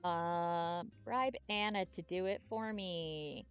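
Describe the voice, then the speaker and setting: A woman chatting excitedly as she plays and reads through a story game, commenting aloud as she goes. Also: on the low side, takes it slowly, smooth, lo-fi sound, soft background music. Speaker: gamer streamer.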